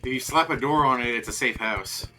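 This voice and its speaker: Bright-voiced man streaming a game. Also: medium pitch, brisk, slight background noise. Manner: excitable, laughs often, jokey. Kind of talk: casual gameplay chat.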